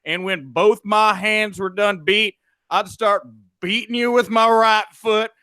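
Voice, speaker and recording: A man's voice: high-pitched, fairly even intonation, bright, forceful tone, no room sound, clean studio sound, voice pushed up. A man doing a drawling Southern wrestler. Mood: mock threatening. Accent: Southern US twang. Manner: slow, words planted very directly. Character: drawling Southern male wrestler, blunt and threatening.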